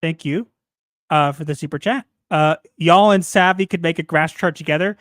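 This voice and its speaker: Animated male podcast co-host. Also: fairly high pitch, moderate pace, no room sound, studio quality. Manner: animated, ranting, playful. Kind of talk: casual chat.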